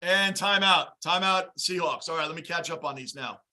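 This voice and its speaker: A man hosting a live football reaction stream, greeting chatters by name and shouting at big plays. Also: fairly high pitch, moderate pace. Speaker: livestream host reacting to a game. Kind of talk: live game reaction and fan chat.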